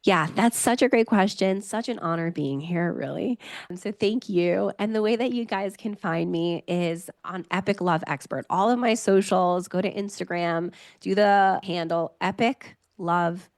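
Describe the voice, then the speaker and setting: A woman's voice: lowish voice, measured pace, no echo, studio quality. A woman in her thirties, a relationship coach and podcast guest, talking earnestly and upbeat in an interview. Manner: upbeat, earnest, animated storytelling. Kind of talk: conversational interview.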